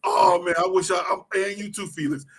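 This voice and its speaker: A man co-hosting a casual sports talk livestream, animated and teasing. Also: high-pitched, fairly quick, slightly rough. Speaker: co-host. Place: livestream call.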